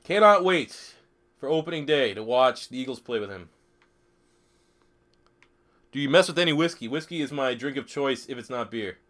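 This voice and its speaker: A man's voice: mid-range voice, expressive, normal speed, pauses often, fairly bright tone. A young man live streaming a football video game, swearing freely, joking and reading chat questions aloud. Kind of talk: casual live stream commentary.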